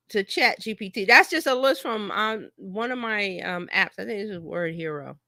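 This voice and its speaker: A woman marketing coach talking casually on a podcast, animated and chatty, laughing often. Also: mid-range voice, normal speed, few pauses, no echo.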